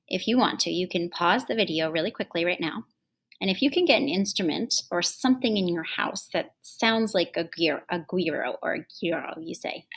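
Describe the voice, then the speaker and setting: A woman music teacher giving an online lesson to children, patient and encouraging, slowing down sharply whenever she chants the lines. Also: lowish voice, creaky, fairly bright tone, slight background noise.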